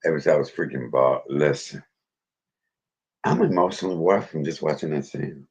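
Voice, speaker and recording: A man's voice: very deep voice, moderate pace, dull audio. A man hosting a casual movie-review livestream, emotional and crying, laughing through tears.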